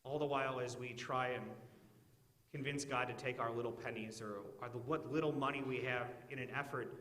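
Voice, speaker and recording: A man pastor preaching a sermon in an earnest, measured way, recorded in an echoey church. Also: medium pitch, steady tone, a bit bright.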